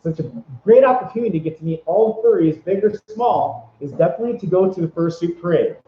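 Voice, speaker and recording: A man rambles cheerfully through casual advice, stumbling over his words and circling back. His voice sits a little high for a man. The sound is roomy and echoey, with a dull, lo-fi tone. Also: lively intonation, quick pace. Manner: rambling, upbeat, many fillers and restarts. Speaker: vlogger giving convention tips.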